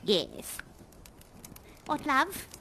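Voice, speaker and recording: A gushing, high-voiced party hostess. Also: female voice, huge pitch swings, extremely slow, vocal fry, pushed and bright, slight background noise, exaggerated voice, poor audio. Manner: gushing, chatty, theatrical exclamations. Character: theatrical, fussy female party hostess and tour guide. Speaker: live actor guiding a tour in a virtual reality theater show. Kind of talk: improvised live role-play.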